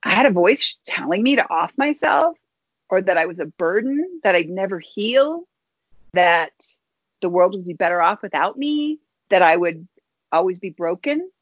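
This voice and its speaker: A woman guest telling a personal story in an earnest, halting way, often restarting her phrases. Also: on the low side, sing-song, slightly rough, dry recording. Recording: dull lo-fi dry recording.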